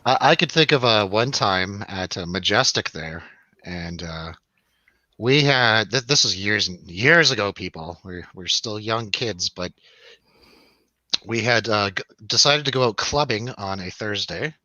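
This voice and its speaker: A man's voice: lowish voice, lively intonation, a little slow, pushed and bright, no room sound, highs cut off. A man hosting a radio show, telling a rambling, laughing, swearing story in a casual chat.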